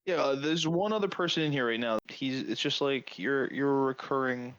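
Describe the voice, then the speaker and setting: A man's voice: medium pitch, moderate pace, fairly bright tone, smooth, no room sound, dull audio. Laid-back man co-hosting a podcast chat. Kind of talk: casual chat.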